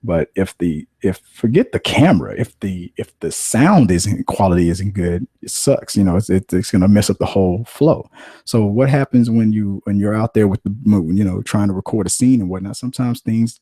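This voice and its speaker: A man's voice: on the low side, lively intonation, moderate pace, dark tone, dry recording, clean studio sound. A man hosting a podcast, chatting casually and in a rambling way about movies. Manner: rambling, with frequent restarts and laughter. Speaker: podcast host. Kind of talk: casual solo movie chat.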